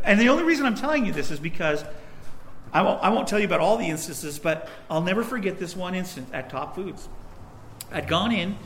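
A man's voice: on the high side, fairly bright tone, a little hiss or hum. A young man preaching a sermon, telling a personal story in a conversational way with little asides. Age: young adult.

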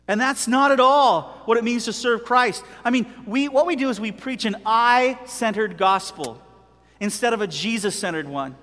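A man's voice: very high voice, moderate pace, a bit bright. A man preaching a sermon in a conversational way, retelling scripture and acting out its voices. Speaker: pastor. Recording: long hall reverb.

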